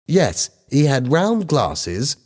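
A man doing an ambitious teenage schoolboy reporter, matter-of-fact, raised pitch, storybook reading. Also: wildly swooping pitch, very slow, heavily acted.

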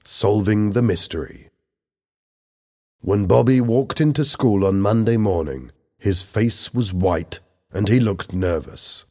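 A man reading a children's story aloud as narrator, in clear, steady storytelling. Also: low-pitched, normal speed. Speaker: audiobook narrator. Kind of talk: scripted narration.

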